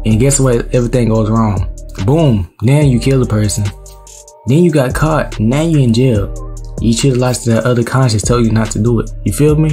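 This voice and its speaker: A man's voice: mid-range voice, normal speed, dark tone, faint music behind. A man reacting to a clip, explaining and preaching in casual slang and repeating his points. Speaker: reaction video host. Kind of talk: reaction commentary.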